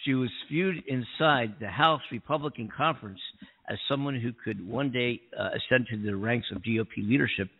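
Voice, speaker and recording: A man's voice: medium pitch, normal speed, husky. A man co-hosting a talk radio show, chatting casually and thinking aloud as he reads the news. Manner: chuckles often, thinks aloud while reading. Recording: tinny phone-line sound.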